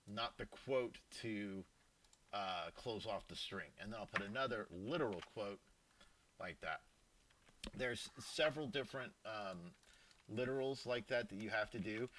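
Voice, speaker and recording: A man's voice: lowish voice, sharp tone. A man giving a casual screen-recorded programming lesson, thinking aloud with informal asides and restarts. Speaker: programming teacher. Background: keyboard typing and clicks.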